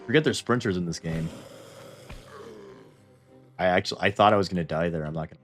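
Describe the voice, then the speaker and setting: A man's voice: low-pitched, a little fast, soft background music. A Canadian man with a Canadian accent, streaming and chatting casually over a game, laughing often and swearing when startled. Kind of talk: casual gameplay commentary.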